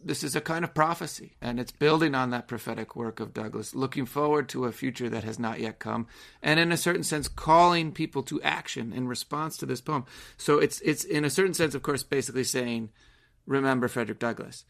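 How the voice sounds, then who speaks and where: A man's voice: medium pitch, brisk, gravelly, fairly bright tone. A man co-hosting a podcast, discussing a poem in a reflective way and often restarting his phrases. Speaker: podcast co-host. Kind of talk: casual poetry discussion.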